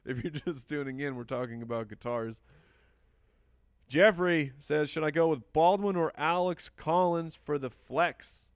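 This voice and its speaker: Gravelly-voiced man chatting on a live stream. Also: on the high side, measured pace, no room sound, clean studio sound. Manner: chatty, answers viewer questions while drafting. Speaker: fantasy football podcast host. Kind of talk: live-stream casual commentary and chat.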